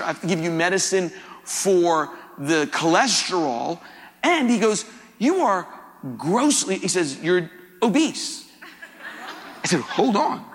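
Animated preacher man in a reverberant hall. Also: high-pitched. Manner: animated, jokey, acts out dialogue. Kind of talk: sermon with humorous storytelling. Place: large hall with audience. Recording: live hall with long reverb.

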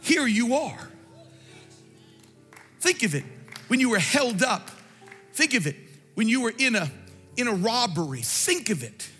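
Pastor, male, high and bright voice, impassioned and repetitive sermon delivery, long hall reverb with faint music behind. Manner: impassioned preaching with repetition, shouting at peaks. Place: large church hall.

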